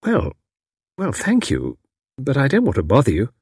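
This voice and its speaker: A man's voice: medium pitch, huge pitch swings, moderate pace, vocal fry, breathy edge, no room sound, clean studio sound, voice pushed up, full character voice. A man reading aloud, voicing a polite, curious lady who hesitates as she explains herself. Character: polite, curious middle-aged lady visitor.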